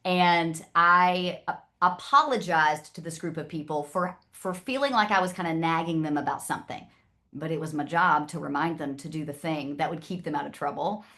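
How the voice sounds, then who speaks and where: A woman's voice: low voice, normal speed, sharp tone. A woman from the American South with a Southern accent, presenting to an audience in a chatty, direct way. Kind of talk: casual talk to an audience.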